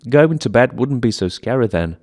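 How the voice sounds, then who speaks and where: A man's voice: medium pitch, lively intonation, normal speed, darkish tone. A man performing a one-man stage monologue, telling it in a plaintive, childlike way. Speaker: solo stage actor. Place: theatre stage.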